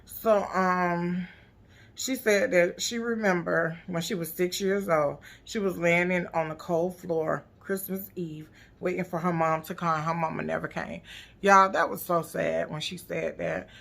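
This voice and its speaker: A woman with a gravelly, fry-laden voice and a bright, sharp tone recaps a reality show episode. She talks casually and bluntly, with plenty of profanity and sass. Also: lowish voice, fairly even intonation, a little slow. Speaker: TV recap vlogger.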